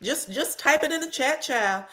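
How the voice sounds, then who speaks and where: A woman's voice: high-pitched, lively intonation, normal speed, fairly bright tone. Slangy woman recapping reality TV. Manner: slangy, emphatic, tags lines with "okay?" and "child"; laughs often while telling. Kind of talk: casual reality show recap commentary.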